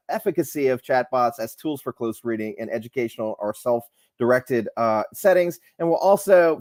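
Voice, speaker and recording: A man's voice: fairly high pitch, no echo. Brief: male educator from Louisiana, casual friendly presenter, dry close recording. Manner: relaxed, friendly, many filler ums and uhs. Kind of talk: online workshop presentation.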